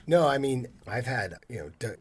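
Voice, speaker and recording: A man's voice: medium pitch, moderate pace, husky. A man in his fifties, a mortgage loan officer, telling stories in a podcast interview and acting out his customers' lines. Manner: animated storyteller, acts out customers' lines. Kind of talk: casual storytelling interview.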